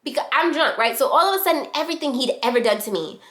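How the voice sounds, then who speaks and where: A young woman vlogger telling a dramatic personal story in a casual, animated way, acting out what people said. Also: high-pitched, fast. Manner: animated, dramatic reenactments of quotes. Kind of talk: storytime vlog.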